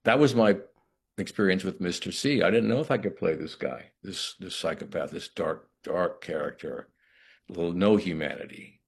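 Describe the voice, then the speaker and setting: A middle-aged actor talking in an interview, thoughtful and halting, with many restarts. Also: male voice, low voice, gravelly, husky. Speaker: actor guest. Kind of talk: reflective interview talk.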